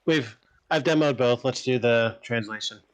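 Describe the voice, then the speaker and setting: Smooth-voiced laid-back male streamer. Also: medium pitch, normal speed, highs cut off. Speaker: game streamer. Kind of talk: casual let's-play chat.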